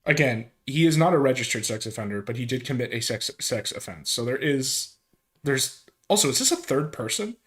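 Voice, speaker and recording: A man's voice: mid-range voice, animated, a little fast, a bit bright, husky. A man streaming, reacting to a call-in argument with loose, amused commentary. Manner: amused, loose, laughs often.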